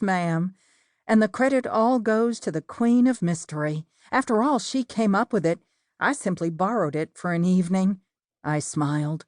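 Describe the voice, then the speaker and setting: A woman narrates a cozy mystery audiobook in first person, steady and measured. Her voice is on the low side, recorded dry and close. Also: no room sound.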